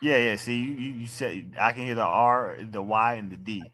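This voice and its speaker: A man's voice: medium pitch, normal speed, pushed and bright. A man teasing and joking with the host in casual podcast banter.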